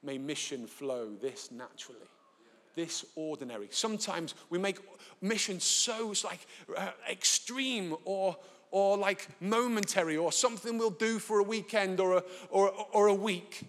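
A man with a Northern English accent preaches a live sermon, his higher-pitched voice trailing a long reverb through a large church hall. He tells stories with animation and acts out the dialogue in them. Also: moderate pace. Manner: lively storytelling, acts out dialogue. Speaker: pastor. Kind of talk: sermon with anecdotes.

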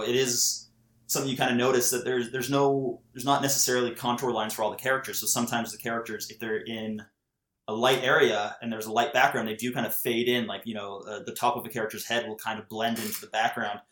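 A man's voice: medium pitch, a bit bright. A man hosting a casual book discussion, chatty and steering the conversation. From Canada. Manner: chatty, leads the talk. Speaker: podcast host. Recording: roomy echo.

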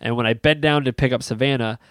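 A man's voice: mid-range voice, fairly even intonation, fast, a bit bright, no room sound, clean studio sound. A young man, a pastor and podcast co-host, telling a funny story in casual chat and laughing often.

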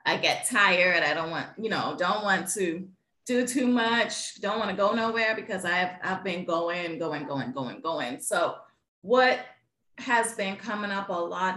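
A woman's voice: lowish voice, sharp tone, echoey room. A woman co-hosting a casual faith podcast, talking earnestly and animatedly with an occasional laugh. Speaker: podcast co-host.

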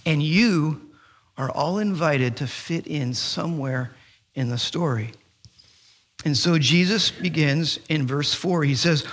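A middle-aged man preaching a sermon. He tells stories with animation and often restarts his sentences. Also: a little high. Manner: animated storytelling, halting restarts. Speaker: pastor.

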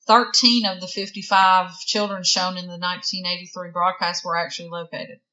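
Woman podcast co-host, bright low-ish voice, reads case notes, hiccups, slightly dull recording. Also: flat delivery, normal speed. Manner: reads facts aloud, with hiccups and giggles. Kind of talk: true crime podcast chat, reading notes.

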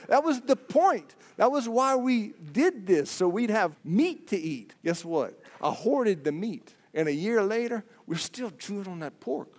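A man's voice: on the high side, darkish tone. A man serving as a church elder, preaching a sermon in a folksy, conversational way and often putting questions to his listeners.

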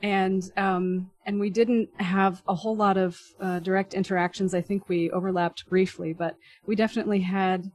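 Soft-spoken woman podcast host. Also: medium pitch, level tone, normal speed, hardly any pauses, no echo. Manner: warm, careful speech with fillers and restarts. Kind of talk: podcast interview.

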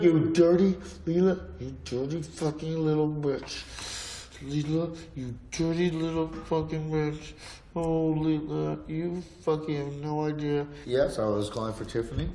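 A man's voice: fairly high pitch, fairly even intonation, slow pace, warm tone, roomy sound, a little hiss or hum, poor audio. An actor playing a crude, abusive male celebrity who insults his entourage in a film scene.

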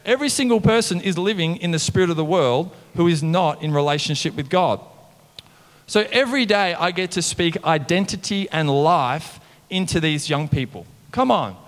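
Male pastor, conversational sermon, higher-pitched, long hall reverb. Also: normal speed. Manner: animated, conversational preaching with mimicked voices and "come on" refrains.

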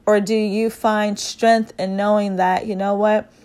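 A woman's voice: mid-range voice, level tone, measured pace, a little mellow. An earnest woman talking through her thoughts in a personal monologue. She circles back on her own phrases to stress them, and her speech is loose and unscripted, with fillers along the way. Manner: earnest, repeats phrases for emphasis, frequent fillers. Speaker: speaker sharing personal reflections.

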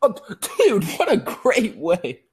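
Crude, swearing guy with a lively pitch. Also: takes it slowly, slight background noise. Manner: profane, laughs a lot, blurts crude jokes. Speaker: podcast co-host. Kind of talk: casual chat.

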